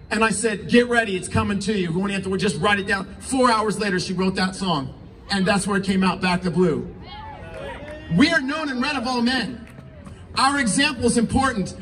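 Fervent preacher in his fifties, high male voice, heard from a distance at a rally. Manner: fervent, preachy, rising into shouts. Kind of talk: impassioned sermon and prayer. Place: political rally. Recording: distant mic, faint ambient noise.

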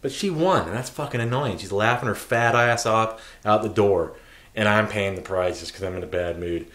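A man's voice: on the low side, normal speed, a bit bright, reverberant. A man telling an aggrieved, profane story in an angry vlog rant.

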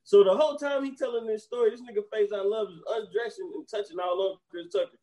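High, mellow-voiced man telling a funny scene. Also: fairly quick, rough recording. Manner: emphatic storyteller, profane, acts out dialogue. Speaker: podcast co-host. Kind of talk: casual movie recap chat.

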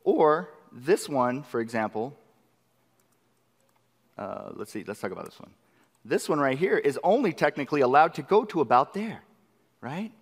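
Excitable man lecturing in a reverberant hall. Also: medium pitch, moderate pace, vocal fry, pauses often, husky. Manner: excitable, eager, peppers audience with rhetorical questions. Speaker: conference class presenter. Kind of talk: live software demo lecture. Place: large conference session room. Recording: long reverb of a conference hall.

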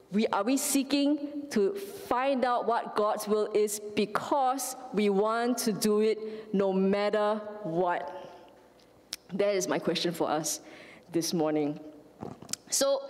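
A woman's voice: mid-range voice, darkish tone. Woman preaching in an echoey church. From Singapore. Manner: storytelling with frequent "right?" and "you know". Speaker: lay preacher. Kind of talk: sermon. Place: church sanctuary.

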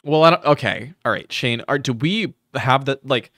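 A man's voice: medium pitch, moderate pace, few pauses, a bit bright, no room sound, clean studio sound. A man giving crude, sarcastic live reaction commentary on a video, thanking viewers as he goes.

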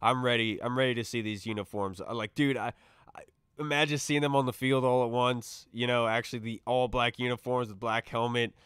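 A man hosting a casual sports podcast, talking in an excitable, rambling way as he tells stories and reads out fan questions. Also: medium pitch, brisk, clean tone, no room sound, clean studio sound.

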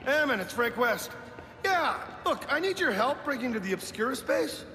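A man's voice: extremely high pitch, sing-song, moderate pace. A man voicing a wisecracking, pushy photojournalist hero in a video game, with game music behind him. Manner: wisecracking, exasperated. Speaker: game character.

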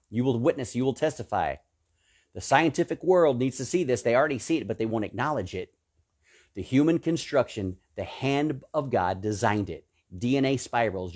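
A man preaching a sermon, fervent and emphatic, swinging between loud peaks and low hushed stretches, repeating and listing words for emphasis. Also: expressive, normal speed, husky. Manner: repetitive, emphatic lists.

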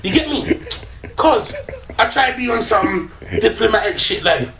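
A man with an English accent and London street slang, telling a comic story loudly, often shouting and laughing. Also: high voice, very animated, normal speed, vocal fry. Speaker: podcast guest telling a story. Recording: echoey room with crowd noise.

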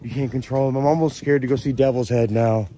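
On a mountain lookout, a jittery man narrates his vlog with a warm, medium-pitched voice, fairly even intonation and a quick pace, full of anxious exclamations. The handheld camera picks up background noise in the outdoor setting.

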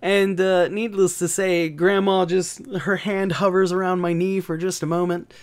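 A man's voice: high-pitched, little pitch movement, moderate pace, smooth. A man from the American South telling a story, crude and joking, rambling with many fillers. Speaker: gaming channel host. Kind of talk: casual storytelling.

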